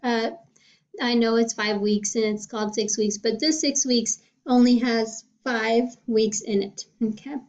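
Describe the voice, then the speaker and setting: A woman's voice: fairly high pitch, fairly even intonation, a little slow, a little mellow. A woman cosmetology teacher casually walking through her weekly lesson planning, often checking in with "okay?". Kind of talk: casual screen walkthrough. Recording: dull lo-fi sound.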